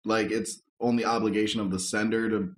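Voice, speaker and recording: Male co-host, low voice, casual and jokey, reads stories aloud; roomy echo. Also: little pitch movement, a little fast. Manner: laid-back, chuckles often, swears casually. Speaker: podcast co-host reading online posts. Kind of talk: casual chat and reading posts aloud. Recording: echoey room.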